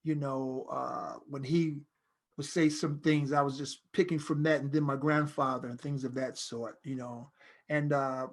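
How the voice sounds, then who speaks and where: Animated, rambling middle-aged man. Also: on the high side. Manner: animated storyteller, loose and rambling. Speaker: actor, interview guest. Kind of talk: casual interview conversation.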